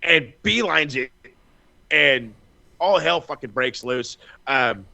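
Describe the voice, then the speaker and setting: A man co-hosting a wrestling podcast in casual chat, telling stories in an animated, profane way with lots of restarts. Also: medium pitch, slow, vocal fry, no echo. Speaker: podcast co-host.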